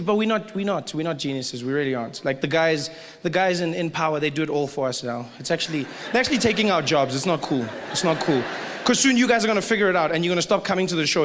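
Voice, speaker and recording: A man with a South African accent performing a stand-up set, animated and full of exaggerated asides. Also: on the high side, fast. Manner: animated, jumps into mock voices and exaggerated asides. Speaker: stand-up comedian. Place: theater stage before a live audience. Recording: live hall with crowd and hiss.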